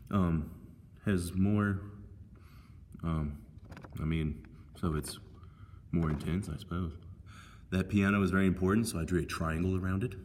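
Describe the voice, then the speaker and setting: A man with a deep, slightly mellow voice teaches an instrument lesson in a relaxed, cheerful way, walking through how to play a passage. The recording is distant and echoey, with a little background noise.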